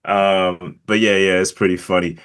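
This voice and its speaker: A man's voice: low voice, steady tone, moderate pace, fairly bright tone. A man reviewing a film in a casual podcast chat, rambling with many fillers and restarts.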